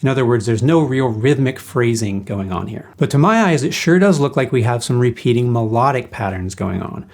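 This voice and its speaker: A man's voice: mid-range voice, expressive, brisk, hardly any pauses, darkish tone. A man teaching a guitar lesson, explaining music theory patiently and singing rhythms as syllables.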